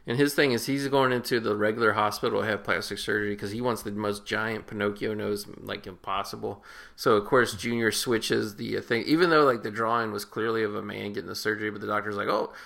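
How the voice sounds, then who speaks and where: A man's voice: fairly low pitch, fairly even intonation, fast, creaky, fairly bright tone. A man co-hosting a podcast, rambling crudely through a film recap and correcting himself as he goes. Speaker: podcast co-host. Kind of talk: casual film-review chat.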